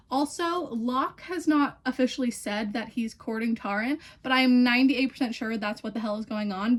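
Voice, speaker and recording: A woman in her twenties, chatting casually as a book vlogger and recapping a novel, with lots of "like" fillers. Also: a little high. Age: 20s. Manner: chatty, peppered with "like".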